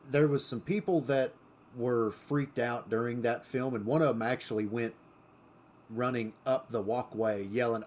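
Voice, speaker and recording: A man's voice: medium pitch, a little mellow. A man co-hosting a casual podcast chat, telling stories with lots of fillers and restarts. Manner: storytelling, many fillers and restarts. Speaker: podcast co-host.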